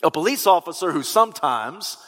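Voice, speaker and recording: A man's voice: on the high side, very animated, fairly quick, fairly bright tone. A man preaching a sermon as pastor, emphatic and repetitive, sometimes rising into sung cadences, in a church sanctuary. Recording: long reverb in a large hall.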